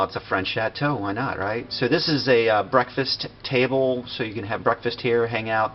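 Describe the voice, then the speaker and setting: A man giving a casual walkthrough of a building he made in a game, relaxed and full of fillers and pauses. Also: lowish voice. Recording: dull lo-fi recording with faint noise.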